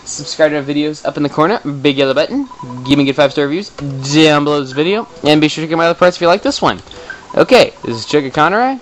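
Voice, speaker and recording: A man giving chatty, excitable commentary while playing a video game, tossing in the odd swear for effect. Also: fairly high pitch, quick pace, slight background noise, low-quality recording. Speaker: let's play host. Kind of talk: casual gameplay commentary.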